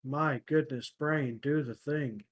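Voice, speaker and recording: Halting young man telling stories. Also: mid-range voice. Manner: halting, searching for words with many fillers. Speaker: podcast host. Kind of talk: casual chat.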